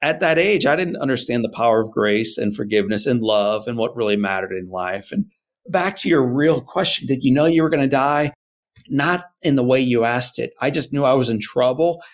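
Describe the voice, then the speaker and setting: Guy on an interview telling his story, earnest and lively, acts out his parents. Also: medium pitch, moderate pace. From United States. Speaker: guest.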